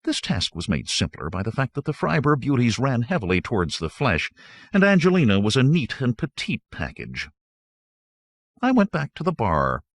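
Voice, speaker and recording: A man narrating a novel in the first person, with wry, lively storytelling. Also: mid-range voice, moderate pace, no room sound, studio quality. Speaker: audiobook narrator.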